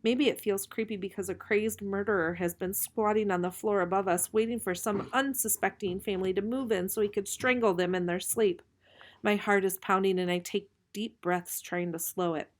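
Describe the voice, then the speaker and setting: Calm woman reading a novel aloud. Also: medium pitch. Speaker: reader.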